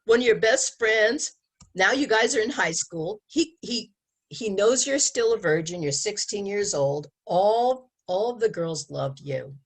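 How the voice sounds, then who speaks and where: A woman presenting to an audience in a slightly husky voice. Her pitch sits in an ordinary middle range, and she acts out the quoted lines with lively energy, laughing now and then. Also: a little slow. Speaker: abstinence educator.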